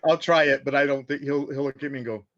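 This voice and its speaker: A man's voice: mid-range voice, fast talker, no echo, lo-fi sound. Middle-aged storytelling man from Indiana. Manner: animated storyteller, acts out quotes. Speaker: podcast guest. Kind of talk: casual chat.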